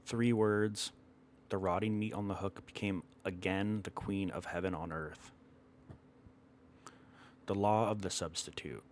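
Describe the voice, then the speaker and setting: A man telling an old myth in a measured, dramatic way, stopping now and then to correct himself. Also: deep voice, steady tone, slight background noise. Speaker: storyteller. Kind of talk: storytelling narration of a myth.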